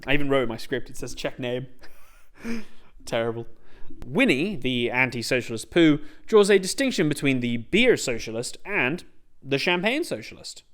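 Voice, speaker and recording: A man's voice: medium pitch, big pitch swings, moderate pace, a bit bright. A young man hosting a comedic video essay, sarcastic and sweary, breaking into rants.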